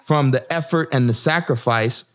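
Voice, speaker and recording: A former Marine officer speaking in an impassioned discussion, emphatic, with a lively swinging pitch and frequent checks of "right?" and "you know?". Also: male voice, normal speed, faint music behind.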